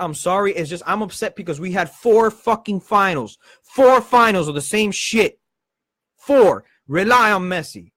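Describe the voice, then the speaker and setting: Heated, high-voiced man ranting about football. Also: expressive, a bit bright, dry recording. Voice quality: heated, swearing, fast bursts. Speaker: football channel host. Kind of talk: passionate live-stream rant.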